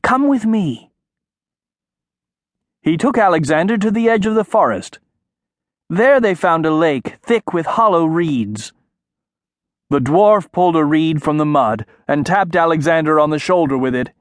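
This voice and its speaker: A man narrating a children's audiobook in a measured, expressive way, recorded in a studio. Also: on the high side, no echo. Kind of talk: scripted narration.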